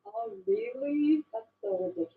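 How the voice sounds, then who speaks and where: A woman's voice: fairly high pitch, lively intonation, normal speed, natural voice. A woman putting on a ditzy, bubbly young Valley Girl with a Californian Valley Girl accent, gushing in a sing-song upspeak. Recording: muffled clip with faint hiss.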